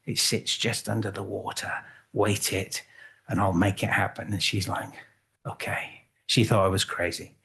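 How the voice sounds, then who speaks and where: A man's voice: lowish voice, little pitch movement, moderate pace, creaky, fairly bright tone, breathy edge. A middle-aged man from Wales, giving a chatty, self-deprecating conference talk as a photographer, with frequent restarts. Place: conference hall.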